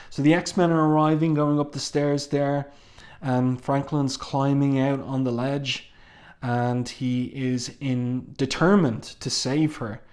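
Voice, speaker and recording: A man reviewing a comic book page by page, casual and halting, with many ums and restarts. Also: mid-range voice, darkish tone. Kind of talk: casual read-along review.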